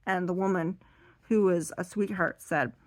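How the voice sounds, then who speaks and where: A woman telling a rambling, self-deprecating stand-up story while seated, now and then bursting into loud high acted voices, her voice a little strained. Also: fairly even intonation, measured pace, no room sound. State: strained voice from being too loud. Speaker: stand-up comedian.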